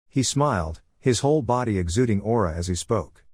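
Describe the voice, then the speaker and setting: A male narrator recounting a comic story in a steady, even manner. His voice sits on the low side. The recording is close and dry with no room sound. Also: a little fast, few pauses, breathy edge, dry recording. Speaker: recap narrator.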